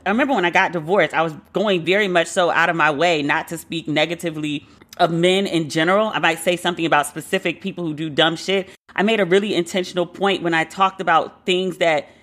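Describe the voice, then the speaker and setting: Profane, animated woman telling a story. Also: on the low side. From Brooklyn. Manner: animated, profane, acts out quoted dialogue. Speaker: podcast host. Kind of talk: candid storytelling monologue.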